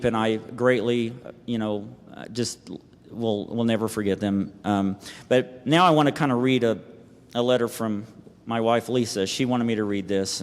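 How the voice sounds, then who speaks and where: Man, eulogy, halting, emotional, middle pitch, reverberant hall. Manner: halting and emotional, with restarts and soft laughs. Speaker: family member giving a eulogy. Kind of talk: memorial eulogy. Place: memorial service venue.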